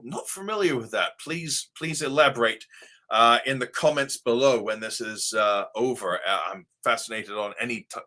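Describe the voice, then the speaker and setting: With a mid-range voice that's pushed and bright, a livestream host from Ohio chats through viewer comments, rambling and using fillers and the odd curse. His accent mixes English RP, Devon and Midwestern American.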